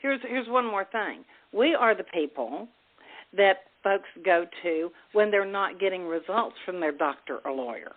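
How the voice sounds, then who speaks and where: A woman's voice: mid-range voice, lively intonation, a little slow. A woman author chatting as a podcast guest, motherly and stumbling over repeated words as she talks. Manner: stammering restarts, motherly. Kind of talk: casual chat. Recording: phone-like narrow band.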